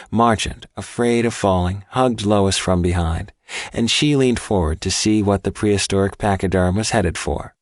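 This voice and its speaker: With a lowish voice, a man gives an even, measured reading of an audiobook script. The sound is clean studio audio without any echo.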